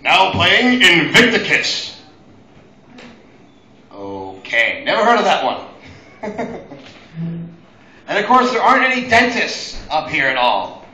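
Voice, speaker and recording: A man's voice: high voice, big pitch swings, slow, long pauses, bright, forceful tone, reverberant, rough recording. A young man doing open mic stand-up, telling crude, exasperated stories full of swearing. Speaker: stand-up comedian.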